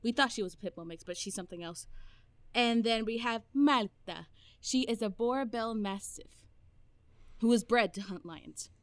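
A woman's voice: on the high side, moderate pace, no room sound. A woman from Puerto Rico, co-hosting a podcast in casual chat, talking freely and laughing easily. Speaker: podcast co-host.

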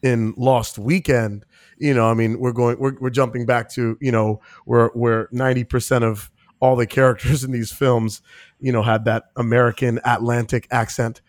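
A man's voice: medium pitch, little pitch movement, normal speed, no room sound, clean studio sound. A man co-hosting a film podcast, talking casually and rambling with lots of fillers. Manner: rambling with many "you know" fillers. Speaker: podcast co-host.

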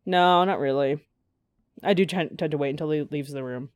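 A woman's voice: deep voice, normal speed, a little mellow, clear, resonant tone, no room sound. A young woman co-hosting a podcast, chatting casually, swearing and sharing trivia. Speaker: podcast co-host. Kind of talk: casual chat. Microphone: close mic.

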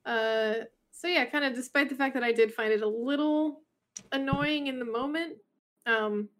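A woman's voice: sits high, normal speed, a bit bright. A woman co-hosting a casual podcast chat, rambling and thinking aloud with many restarts. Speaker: podcast co-host.

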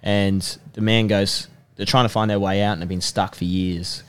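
A man's voice: low voice, little pitch movement, a little fast, few pauses. A young man, a podcast guest giving an emphatic, repetitive pep talk. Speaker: podcast guest, personal trainer and rugby player. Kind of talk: motivational casual chat.

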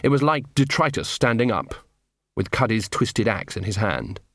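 A man narrating a comic fantasy audiobook in a wry, expressive way on a close studio mic. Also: on the low side, normal speed, no echo.

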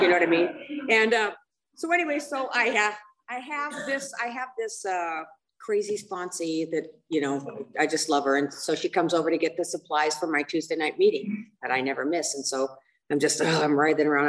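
An older woman with a lowish voice shares her story at a recovery meeting in a rambling, candid, self-mocking way. Her talk is full of fillers and side remarks. The mic picks her up from a distance. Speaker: speaker sharing at a recovery meeting. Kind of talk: candid personal testimony. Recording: voice picked up from a distance.

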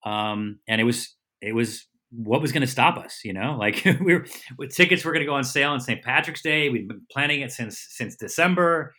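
Man, middle-aged, comedian guest, casual storytelling, bright forceful tone, rambling with quick self-corrections. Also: mid-range voice, animated. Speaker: comedian and TV host, podcast guest.

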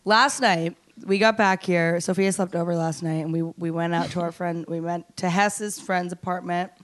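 A woman's voice: on the low side, fairly even intonation, moderate pace. A young adult woman co-hosting a podcast from a couch, a chatty storyteller who laughs often. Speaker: podcast co-host. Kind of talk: casual chat. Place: living room couch.

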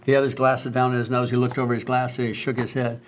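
Middle-aged guy doc telling stories, lively, does little voices for people. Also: medium pitch, fast. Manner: animated storyteller, acts out quoted voices. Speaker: doctor, co-host. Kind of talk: casual conversational storytelling.

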